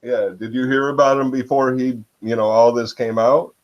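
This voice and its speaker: A man's voice: medium pitch, steady tone, normal speed, highs cut off. A man from Michigan hosting a casual chat over a video call, musing and hesitant, often trailing off with "I don't know.".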